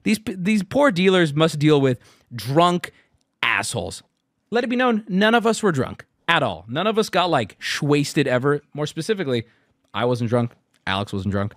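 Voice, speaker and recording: A man's voice: a little high, normal speed, no room sound, clean studio sound. A man in his thirties casually telling a swear-filled story, acting out what people said. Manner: animated, swears often, acts out quotes.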